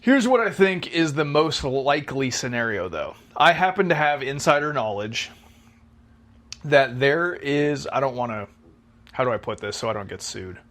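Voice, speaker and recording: A young man with a medium voice co-hosts a casual podcast chat. He talks knowledgeably and at length, filling his pauses with ums and likes. His tone stays easygoing as he explains. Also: medium pitch, very animated, a bit bright. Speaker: podcast co-host.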